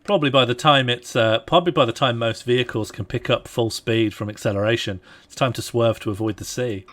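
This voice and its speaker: A man livestreaming a strategy game and chatting casually with a co-host, relaxed and jokey while he thinks aloud. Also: medium pitch, fairly quick. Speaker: streamer playing a strategy game. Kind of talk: casual live-stream chat.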